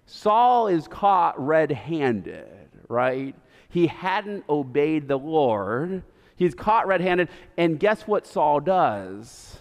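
A man's voice: a little high, big pitch swings, drawn-out words. A male pastor preaching a sermon, retelling the story casually and animatedly with lots of fillers, recorded in a reverberant church sanctuary.

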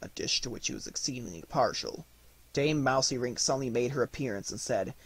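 A male audiobook narrator reads a fairy tale with an animated, rising and falling delivery. His voice is husky and a little breathy. The sound is dry and close, with no room around it. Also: mid-range voice, fairly quick, dry recording. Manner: expressive, lively storytelling. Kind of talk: storybook narration.

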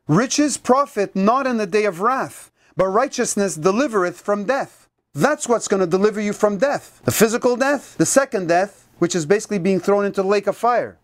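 Emphatic Bible teacher asking rhetorical questions. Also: medium pitch. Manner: directs listeners to turn to verses and reads scripture aloud.

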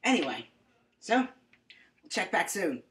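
A woman's voice: lowish voice, sing-song, slow, a bit bright. A young woman presenting a comedic mock-science skit, rambling and mock-serious with playful asides. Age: young adult.

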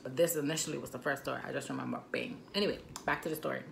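A woman in her twenties with a Turks and Caicos Islands accent telling a storytime vlog, animated and indignant, with frequent asides, on a phone camera mic. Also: rumbling low, racing, creaky, a little hiss or hum. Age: 20s. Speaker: vlogger.

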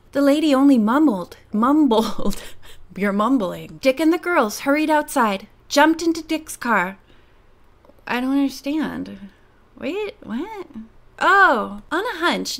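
High, lively woman reading aloud slowly. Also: gravelly. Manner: stumbles over words, giggles and mocks her own mistakes. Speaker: audiobook reader. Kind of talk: outtakes of a mystery novel reading.

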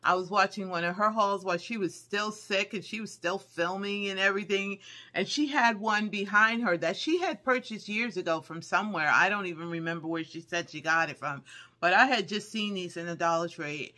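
A middle-aged woman, chatting excitedly through a shopping haul video and squealing with delight. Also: medium pitch, brisk. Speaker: haul vlogger. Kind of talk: casual haul video chat.

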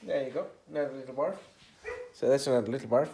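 A man's voice: mid-range voice, fast, gravelly, mellow, slight background noise. A man casually narrating his own vlog like a mock tour guide, talking in a put-on accent he can't place. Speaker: comedian vlogger.

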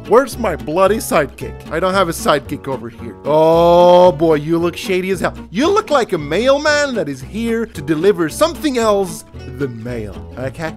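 A man giving jokey, excitable gameplay commentary, swearing freely as he plays. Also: high voice. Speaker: gaming YouTuber.

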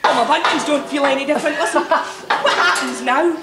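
An actress playing a fussy, chatty old woman neighbour with a shrill, fluttery voice, in a TV sitcom. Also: brisk, close to an everyday voice. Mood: fussing. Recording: roomy with loud hiss.

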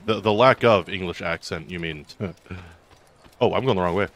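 Playing a video game with its music running underneath, a man keeps up casual, joking commentary, reacting to the action and reading out chat. His voice is deep and fairly bright, at a moderate pace.

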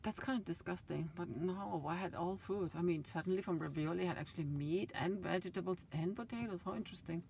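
A woman's voice: on the low side, fast, creaky, hardly any pauses, a little hiss or hum. Emotional woman storyteller. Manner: emotional, swings loud and soft, laughs often. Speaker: vlogger. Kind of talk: rambling personal storytelling.

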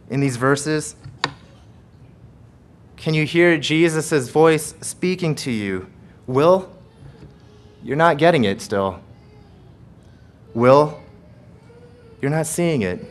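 A pastor preaching a sermon with emphatic repetition and rhetorical questions, swinging between forceful passages and hushed prayer. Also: male voice, medium pitch. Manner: emphatic preaching, rising loud then dropping to hushed prayer; repeats phrases and asks rhetorical questions.

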